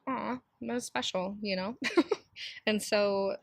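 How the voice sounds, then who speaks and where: A woman in her thirties, hoarse and raspy from a cold, hosting a casual solo podcast in a chatty, candid way with many fillers. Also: mid-range voice, fairly even intonation, slow, dry recording. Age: 30s. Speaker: podcast host.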